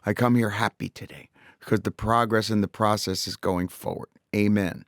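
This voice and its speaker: A man in his sixties with a low voice talks frankly as an interview guest. He swears casually and repeats himself as he finds the words. The studio sound is dry and close. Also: fairly even intonation, moderate pace, no room sound. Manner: blunt and casual, swears freely, repeats words while searching. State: recovering voice after vocal surgery. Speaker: interview guest, rock singer. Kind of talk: candid conversational interview.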